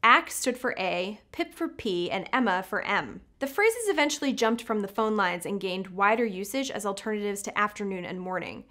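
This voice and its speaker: A woman's voice: medium pitch, expressive, moderate pace, hardly any pauses, bright, forceful tone. A woman hosting a scripted educational video, delivering facts with playful, jokey asides. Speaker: host, editor-in-chief.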